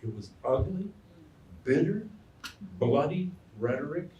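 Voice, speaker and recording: A man, a historian and biographer, answering audience questions in an animated, storytelling way and acting out quotes. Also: fairly high pitch, measured pace, dull audio. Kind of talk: lecture Q&A answer. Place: lecture hall. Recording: echoey room, mic far off.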